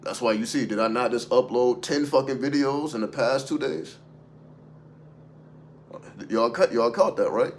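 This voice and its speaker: A man's voice: mid-range voice, a little slow, pauses often, slight background noise. A man talking off the cuff on a livestream as a spiritual content creator, emphatic and profane, throwing rhetorical questions at his viewers. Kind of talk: unscripted livestream monologue.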